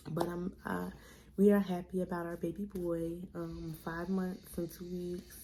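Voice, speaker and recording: A woman's voice: on the low side, normal speed, gravelly, a little hiss or hum. A young adult woman, casually telling a personal story on her vlog and acting out the people she quotes. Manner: chatty, animated retelling with quoted voices, addresses viewers as y'all. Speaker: vlogger.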